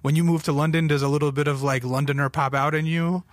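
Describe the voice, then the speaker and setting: A man's voice: on the high side, level tone, fast talker, no echo. A man hosting a casual interview, chatty and agreeable, often fumbling his way into his questions. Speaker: podcast host.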